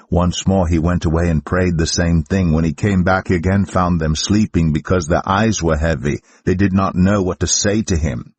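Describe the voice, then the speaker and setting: Deep, husky man reading scripture. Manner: steady, measured narration. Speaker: Bible reader.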